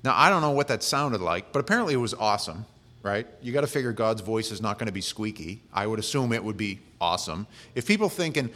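Male pastor, slightly low voice, relaxed conversational preaching with wry asides. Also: fast. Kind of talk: sermon.

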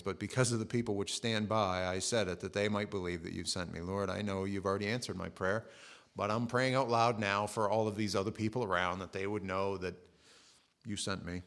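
Male pastor, lowish voice, casual storytelling sermon with acted asides. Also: a bit bright. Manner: conversational, retells scripture with acted asides.

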